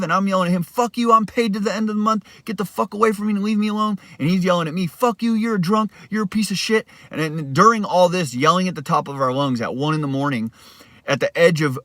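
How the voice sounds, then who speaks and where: A man's voice: mid-range voice, bright, forceful tone, no room sound. A man vlogging a rambling personal account, agitated and blunt, with many restarts. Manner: blunt, profane.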